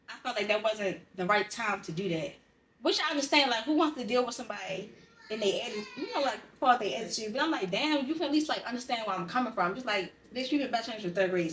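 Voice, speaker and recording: A woman in candid podcast conversation, speaking bluntly and with raw feeling, cursing freely. Her voice sits back from the mic in a roomy, echoing space, at a middling pitch. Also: a bit bright. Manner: blunt, profane, emotionally raw storytelling. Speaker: podcast co-host. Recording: roomy sound, distant from the mic.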